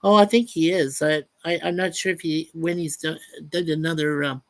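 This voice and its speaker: A man's voice: fairly high pitch, steady tone, moderate pace, no room sound. A man hosting a casual livestream, chatting upbeat and reading out viewers' chat messages. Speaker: livestream host.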